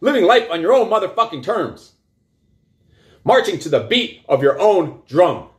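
A middle-aged male coach rants with raw energy, his voice sitting high and swinging wildly up and down. He swears constantly and drives points home by repeating them. The talk is blunt and emphatic, built to pump listeners up. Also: big pitch swings, moderate pace. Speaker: coach and show host. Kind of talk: profane motivational rant.

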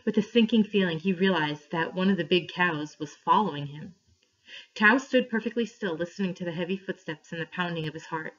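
A woman reading a story aloud to her class, clear and steady, pausing for questions. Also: on the low side. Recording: dull lo-fi recording.

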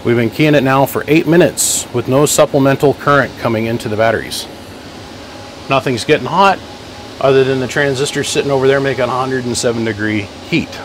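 Loud man doing a garage mic-check demo. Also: mid-range voice, normal speed, a little hiss or hum, poor audio. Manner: talks loudly, keys up the mic with "hello, one, two" checks; greets live viewers by name. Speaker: host testing a car-audio battery. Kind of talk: casual live-stream demo. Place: workshop garage. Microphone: phone mic for live feed plus chest mic.

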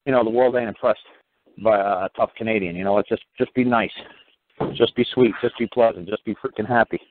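A blunt middle-aged man with a New York accent, cursing and repeating himself as he lectures a caller. His voice sits on the low side and comes through a tinny phone line. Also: fairly even intonation, a little fast, a little hiss or hum. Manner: blunt, profane, emphatic, repetitive. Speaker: talk show host. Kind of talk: animated call-in show advice.

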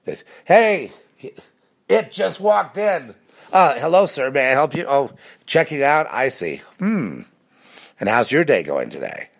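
A man's voice: mid-range voice, sing-song, a little slow, vocal fry, pitched above the performer's own voice, heavily acted. A man voicing a fawning, mocking store clerk in a sing-song, overly sweet and sly way.

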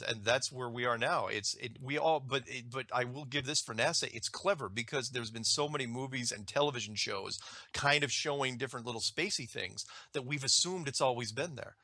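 A man ranting in an animated way on a talk show, repeating words and acting out quoted voices. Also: mid-range voice, no echo.

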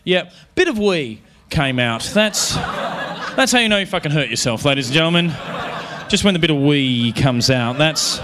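A man in his thirties doing a stand-up comedy routine on stage, telling an animated, self-mocking story with lots of restarts. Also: mid-range voice, noisy background. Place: comedy venue stage before a live audience.

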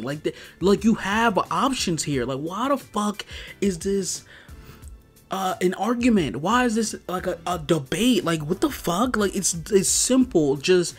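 A man's voice: high voice, animated, unhurried, breathy edge, soft background music. Exasperated man ranting in a review. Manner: exasperated, profane, heavy use of "like". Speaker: video reviewer.

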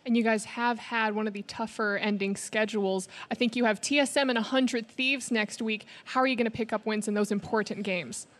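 A woman's voice: on the high side, fairly even intonation, brisk, few pauses. A woman interviewing a player after a match, upbeat and polished like broadcast presenting. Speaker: esports interviewer. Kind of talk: post-game interview.

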